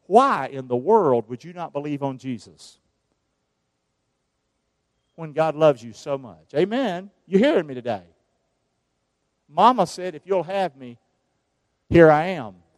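A man's voice: sits high, big pitch swings, slow, long pauses, darkish tone, dry recording, studio quality. A man preaching a sermon as pastor, drawing the congregation into call-and-response. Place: church sanctuary.

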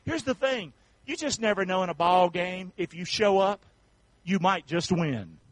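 High-voiced preacher man. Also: dry recording, poor audio. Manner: preachy call-and-response, rising to shouts. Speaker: pastor. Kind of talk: sermon.

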